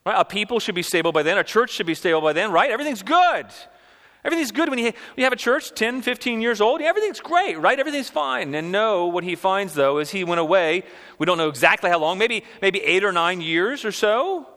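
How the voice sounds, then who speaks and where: Bright, animated preacher in a reverberant hall. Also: male voice, high-pitched, brisk. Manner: conversational, rhetorical questions, animated. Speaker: pastor. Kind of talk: sermon.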